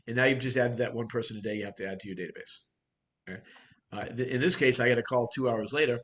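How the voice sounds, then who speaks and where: A man's voice: medium pitch, quick pace, fairly bright tone. A man coaching real estate agents in a workshop talk, blunt and direct, firing off rhetorical questions.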